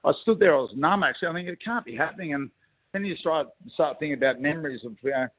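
Australian man, middle-aged, slightly high voice, tinny phone line, casual radio guest. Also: lively intonation, fast. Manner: matey, calls everyone "mate", reminiscing. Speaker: phone-in guest, former rugby league player. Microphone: telephone.

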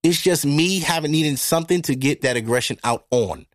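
A man talking straight into a studio microphone in a blunt, profane, animated monologue. His voice sits a little high, and the recording is close and dry with no room sound. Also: a little fast, no echo. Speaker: podcast host. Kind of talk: casual monologue.

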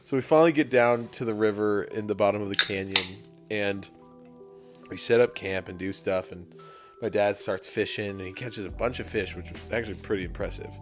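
A young man co-hosting a podcast, telling a story in casual chat and acting out his younger self with animated bursts. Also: lowish voice, a little fast, music in the background. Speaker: podcast co-host.

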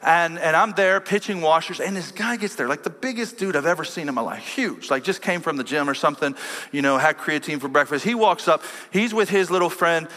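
Pastor, male, bright sermon delivery, storytelling, long hall reverb. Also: lively intonation, brisk. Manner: storytelling, swings from loud preaching to low quiet lines. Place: large church hall.

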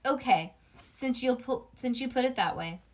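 A woman voicing a bold, naughty young schoolgirl who brags loudly, reading a storybook aloud. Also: on the high side, lively intonation, moderate pace. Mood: prim. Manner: brash, boastful.

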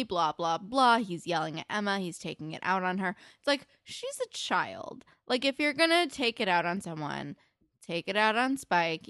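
Animated young woman recapping a show, swearing. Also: fairly low pitch, no echo, clean studio sound. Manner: animated, swears a lot, many likes. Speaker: podcast co-host. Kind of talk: casual TV recap chat.

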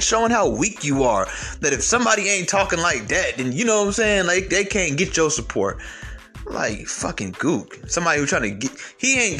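A man's voice: medium pitch, fairly bright tone. A young man giving a blunt, confrontational commentary rant, profane and rambling with frequent restarts. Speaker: commentary vlogger. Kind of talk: ranting commentary to camera.

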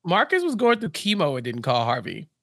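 A man co-hosting a podcast in casual chat, animated and acting out characters' lines as he recaps an episode. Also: fairly high pitch, a little fast, gravelly, no room sound, clean studio sound. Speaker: podcast co-host.

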